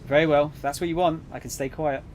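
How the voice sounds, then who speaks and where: A man reading the lines of a cool, snide male embassy agent in a visual novel, calm and condescending. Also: on the high side, fast, a little hiss or hum, lightly acted.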